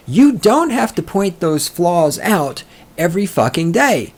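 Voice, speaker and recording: Guy ranting on his podcast, slow and sarcastic, lots of swearing, voice swings up and down. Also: high-pitched, very animated. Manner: reads passages aloud, then mocks them. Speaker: podcast host. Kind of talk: solo book-discussion podcast.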